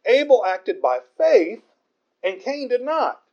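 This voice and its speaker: A man's voice: extremely high pitch, very animated, takes it slowly, lo-fi sound. A man preaching a conversational Bible sermon in an earnest way, often stumbling over repeated words.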